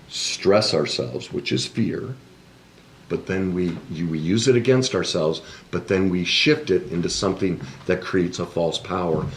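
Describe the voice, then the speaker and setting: A man's voice: sits low, a little hiss or hum. A man speaking as a relationship coach in a podcast interview, explaining things in an earnest, emphatic way.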